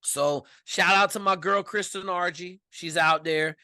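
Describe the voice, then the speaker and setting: A man as a podcast guest, telling stories in a colloquial, emphatic, animated way. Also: sits high, measured pace, no echo, studio quality. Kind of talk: casual storytelling interview.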